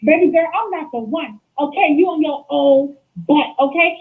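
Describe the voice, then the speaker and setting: A woman's voice: sits high, moderate pace, phone-quality sound. A woman calling in to a talk show, taunting another caller in a sassy, slangy way. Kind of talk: call-in rant.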